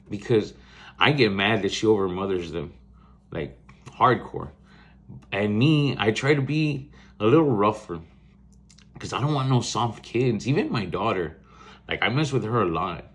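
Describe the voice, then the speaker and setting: A man in his forties hosting a podcast, telling family stories in a rambling, blunt way, swearing freely and laughing mid-story. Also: on the low side. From South Texas. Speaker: podcast host. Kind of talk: casual storytelling monologue.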